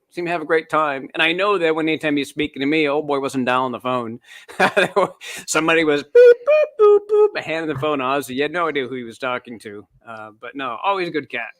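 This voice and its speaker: Bright-voiced man telling stories. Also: a little high, no echo. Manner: storytelling, laughs often. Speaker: guest author. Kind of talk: casual podcast chat.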